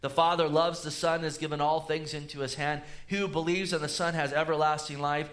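Man preaching, emphatic, loud rises and low asides, higher voice. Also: level tone, a little fast. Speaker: pastor. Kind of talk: sermon.

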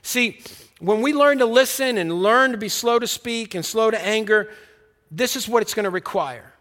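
A man preaching a sermon, telling his own story and acting out the dialogue, earnest and dropping soft on key words. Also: high voice, normal speed, big-room sound. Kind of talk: sermon with personal testimony.

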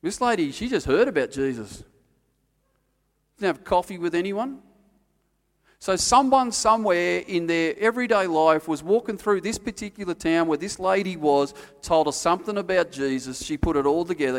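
A man's voice: high-pitched, animated, normal speed. Preacher man in a reverberant hall. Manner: storytelling with acted-out quotes, dropping to quiet emphasis. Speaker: pastor. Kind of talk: sermon.

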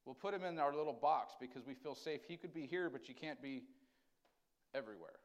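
A man preaching a conversational sermon, asking the congregation questions and swinging between loud emphasis and quiet, tender lines. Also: medium pitch, a little fast, lo-fi sound. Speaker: pastor.

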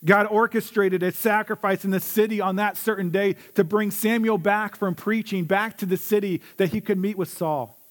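High-voiced earnest male preacher. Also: fairly even intonation. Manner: earnest, slowing down on key phrases for emphasis. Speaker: pastor. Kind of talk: sermon. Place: large church sanctuary with a congregation.

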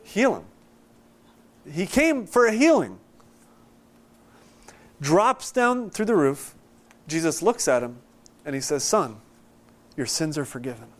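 A man preaching a sermon, explaining scripture in a conversational, animated way and acting out quotes. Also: on the high side, slow, long pauses. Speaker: pastor.

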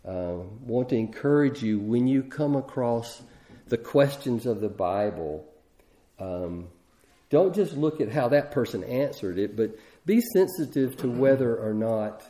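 A man's voice: medium pitch, lively intonation, unhurried, warm tone. A middle-aged man preaching a sermon in a conversational way, often restarting his sentences. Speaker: pastor.

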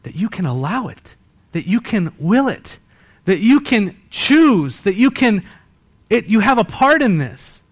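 High-voiced preaching pastor, surging and hushing. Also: male voice, big pitch swings, measured pace, slightly rough. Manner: preaching with sharp swings from loud bursts to hushed emphasis; pleads with rhetorical questions to the congregation. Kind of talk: sermon. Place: church service.

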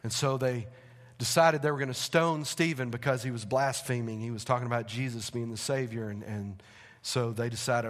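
A male pastor, preaching a sermon in a church with animated, conversational asides. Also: mid-range voice, normal speed, hardly any pauses. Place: church sanctuary. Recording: long hall reverb.

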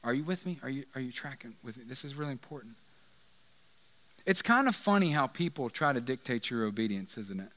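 A man's voice: medium pitch, expressive, a little fast, a bit bright, big-room sound. A man preaching a sermon in a conversational way, often asking the listeners rhetorical questions. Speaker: pastor.

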